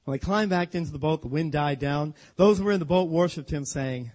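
A man teaching a sermon as a humorous, animated story, acting out the voices of the people in it. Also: a little high, fairly quick. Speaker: Bible teacher.

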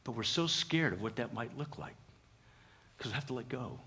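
A pastor delivering a conversational sermon in church, animated and full of "uh" fillers. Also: male voice, mid-range voice, moderate pace, slightly rough.

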